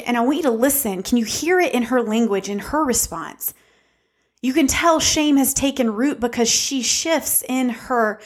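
A woman giving a sermon in an earnest, conversational way, often speaking straight to her listeners as friends. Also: a little high. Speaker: speaker of a devotional talk.

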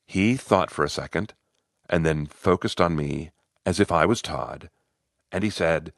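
A man coaching and telling a story in an expressive, animated way. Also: deep voice, unhurried, vocal fry, no room sound, studio quality. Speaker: leadership coach. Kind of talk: narrated storytelling.

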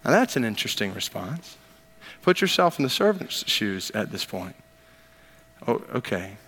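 A man's voice: medium pitch, very animated, moderate pace, a bit bright, breathy edge. A man preaching a sermon as pastor, reading scripture aloud and talking it through in an emphatic, conversational way with joking asides. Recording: long reverb of a large hall.

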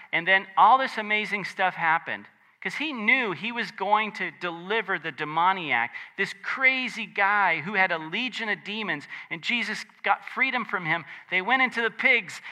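A man preaching a conversational sermon, animated and chatty, with joking asides. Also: high-pitched. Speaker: pastor.

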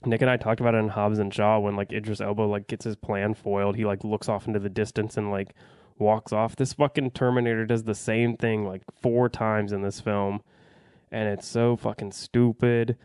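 A man with a lowish, smooth voice rants through a movie review with blunt swearing and lots of fillers. He is recorded close and dry, with no room sound. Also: little pitch movement, moderate pace, a little mellow, no echo. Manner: blunt, profane, rambling with fillers. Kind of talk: casual spoken review.

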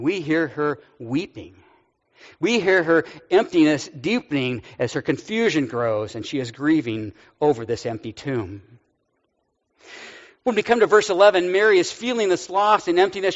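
Older male pastor, sixties, relaxed storytelling sermon with gentle humor; slightly high voice, dull audio in a long-reverb church hall. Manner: storytelling, conversational with light humor.

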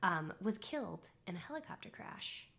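Giggly chatty woman, gravelly edge. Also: mid-range voice, sing-song, moderate pace, fairly bright tone. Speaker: podcast co-host. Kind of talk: casual book chat.

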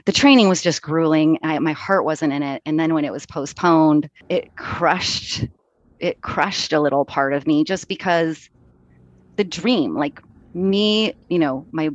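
A woman's voice: low voice, dry recording, lo-fi sound. A woman in her thirties, a runner, talking candidly as a podcast guest and often restarting her sentences. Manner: candid, halting, many restarts. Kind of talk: casual interview chat.

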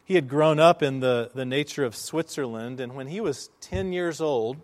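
A man preaching a sermon, telling a story with slow, emphatic phrasing and dramatic pauses. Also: mid-range voice. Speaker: pastor.

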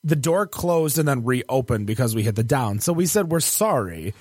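A male podcast host telling a funny anecdote in an animated way, laughing as he goes. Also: medium pitch, moderate pace, breathy edge, no room sound. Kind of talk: casual storytelling.

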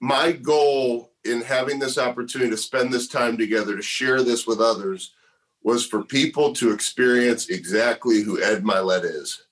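A man's voice: medium pitch, moderate pace, fairly bright tone, poor audio. Male podcast host, earnest and grateful, casual interview chat.

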